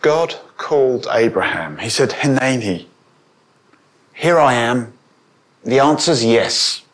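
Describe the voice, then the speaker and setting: Male preacher, unhurried sermon delivery, mid-pitched, lifts his voice on quotes. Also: animated, fairly bright tone. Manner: rises in pitch and volume when quoting, asks the congregation questions.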